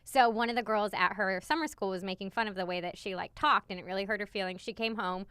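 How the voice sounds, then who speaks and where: A woman's voice: mid-range voice, quick pace, sharp tone, clean tone, dry recording. A woman in her thirties co-hosting a podcast, telling family stories in a chatty way and laughing often. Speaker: podcast co-host, stylist coach. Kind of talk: casual podcast chat.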